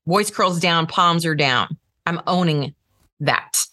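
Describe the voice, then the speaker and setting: A woman's voice: fairly low pitch, slow, bright, forceful tone, dry recording. A woman coaching trial lawyers, talking with energy and acting out different voice tones as she teaches. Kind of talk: instructional talk to trial lawyers.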